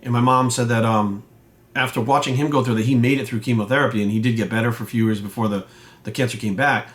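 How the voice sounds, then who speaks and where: A man's voice: mid-range voice, fairly even intonation, fast. A man, a fitness coach ranting casually and bluntly, swearing often and acting out quoted voices. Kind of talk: casual rant to camera.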